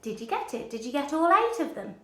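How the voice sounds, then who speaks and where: A woman's voice: high-pitched, very animated, brisk, sharp tone, roomy sound. A woman teaching a children's music lesson, encouraging and chanting rhythms for the class to clap along to. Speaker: primary school music teacher. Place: room with a screen behind her.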